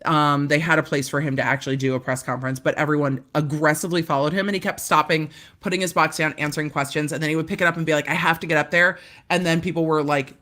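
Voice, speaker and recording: A woman's voice: low voice, steady tone, fast talker, hardly any pauses, fairly bright tone. A woman legal commentator chatting casually on a live stream from a hotel room, laughing and joking at her own mishaps. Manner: chatty, laughing, self-deprecating.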